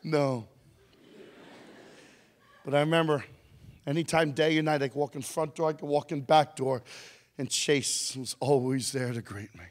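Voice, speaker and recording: A man's voice: on the high side, moderate pace. A man telling a funny story to a live audience as a motivational speaker, teasing people in the crowd. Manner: animated, jokey, teases audience members. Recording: long hall reverb.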